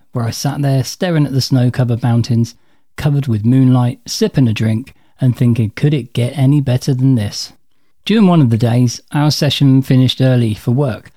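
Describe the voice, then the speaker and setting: A man's voice: medium pitch, dark tone. A man narrating a personal anecdote with dry, wry understatement. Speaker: storyteller.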